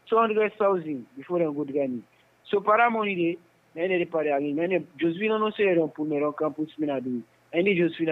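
A man with a Sierra Leonean Krio accent recounting events in a phone interview, in halting, repetitive speech. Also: fairly high pitch. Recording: tinny phone line.

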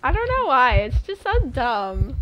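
High-pitched, unhurried woman streamer. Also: wildly swooping pitch, lo-fi sound, a little hiss or hum. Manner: playful and giggly, hums made-up tunes. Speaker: game streamer. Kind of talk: casual live-stream chatter while gaming. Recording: faint game music behind.

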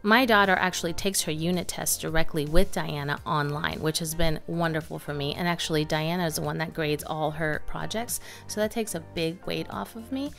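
A woman co-hosting a casual curriculum review, talking in a chatty, lively way with frequent fillers. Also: deep voice, normal speed, vocal fry, few pauses, soft background music. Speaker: homeschooling mom and channel co-host.

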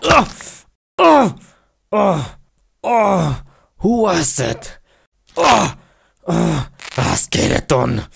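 A man's voice: high-pitched, huge pitch swings, very slow, vocal fry, pauses often, fairly bright tone, husky, voice pushed up, exaggerated voice. A man playing a raging brute who calls himself Hulk, grunting in simple, broken English. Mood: playful.

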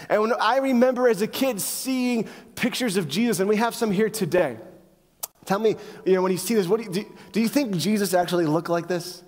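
A male pastor preaching a sermon to a congregation, driving points home with rhetorical questions and emphatic pauses. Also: high-pitched, darkish tone. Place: church sanctuary. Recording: long hall reverb.

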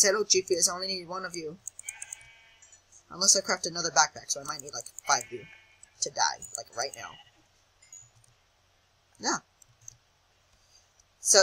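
A man's voice: high-pitched, rough recording. Jittery young man narrating his gameplay. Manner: jittery, self-mocking, repeats words in sing-song chants. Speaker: gaming channel host. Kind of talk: casual gameplay commentary.

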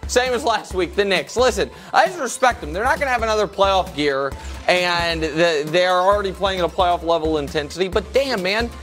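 Emphatic higher-voiced man arguing sports. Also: animated, brisk, fairly bright tone, faint music behind. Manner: emphatic, argumentative, interrupts often. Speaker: sports debate co-host. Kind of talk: heated sports debate. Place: TV studio.

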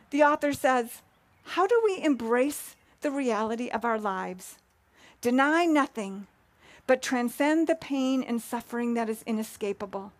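A woman pastor preaching a sermon in an earnest, measured way, asking rhetorical questions. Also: high voice, no echo. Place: church sanctuary.

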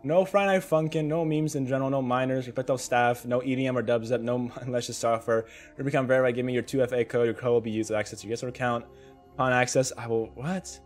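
A young man with a tired, hoarse voice gives excited, swearing commentary while playing a rhythm game. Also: mid-range voice, fast. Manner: excitable, swearing, exclamatory reactions. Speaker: gaming streamer. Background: faint game music.

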